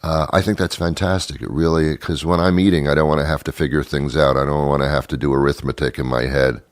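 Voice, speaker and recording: A talk show host with a very low voice, rambling through a sarcastic comic monologue. He mock-scolds and pokes fun at himself. The sound is dry and close. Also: fairly even intonation, quick pace, no room sound. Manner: self-mocking asides. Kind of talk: comedic monologue.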